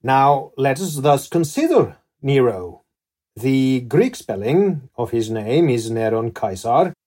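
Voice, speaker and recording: A man's voice: medium pitch, expressive, slow pace, dark tone. Male podcast host, casual questions, reads prepared passages. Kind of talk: podcast interview.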